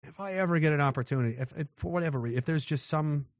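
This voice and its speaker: A man's voice: on the high side, racing, dry recording, dull audio. A man delivering a blunt, aggressive monologue rant, mocking those who show mercy.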